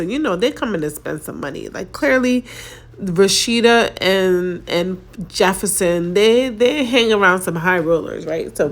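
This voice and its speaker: A woman casually recapping a TV drama episode, acting out the characters' lines and adding exasperated asides. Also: mid-range voice. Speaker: TV recap reviewer.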